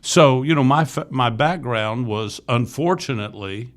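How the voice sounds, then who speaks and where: At a measured pace with lively intonation, a medium-pitched man from Florida, USA, shares his life story on a podcast. He's in his sixties and leads a youth ministry, and his casual interview storytelling is candid and earnest, full of restarts.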